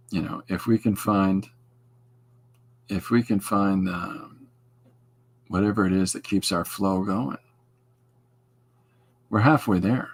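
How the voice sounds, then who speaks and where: A man's voice: sits low, slightly rough. A middle-aged man from Canada, hosting a podcast and rambling casually while he draws, wandering and restarting his thoughts. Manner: meandering, digressive, with many restarts. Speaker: podcast host and artist.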